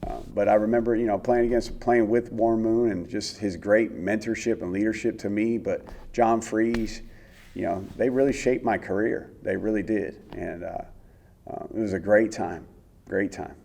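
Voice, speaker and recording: A middle-aged American man, a former pro quarterback, telling his life story as an interview guest in an earnest, animated way with many fillers. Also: fairly low pitch, moderate pace, vocal fry, a little hiss or hum. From United States.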